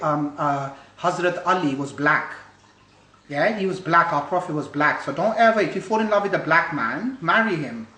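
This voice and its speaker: A man's voice: a little high, a bit bright, roomy sound, rough recording. A man hosting a livestream, ranting angrily and swearing over and over as he speaks into a phone. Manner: angry, profane, repetitive. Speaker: livestream host.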